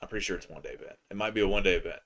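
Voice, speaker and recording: A man co-hosting a casual live stream, excitable and playful, with loud joking bursts. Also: deep voice, very fast.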